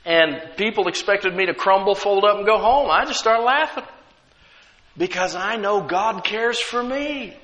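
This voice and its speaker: A man's voice: high-pitched, a little slow, a bit bright, long reverb tail, highs cut off. A man preaching a sermon as pastor, conversational, with frequent rhetorical questions to the congregation.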